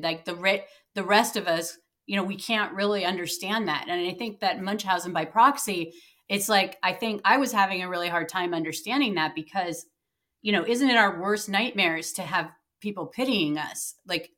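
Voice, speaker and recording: A woman co-hosting a podcast, thinking aloud in relaxed conversation. Her voice is bright and a little tense, and she pauses and restarts as she works her ideas out. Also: medium pitch. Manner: thoughtful, hesitant, many fillers. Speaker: podcast co-host. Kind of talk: casual chat.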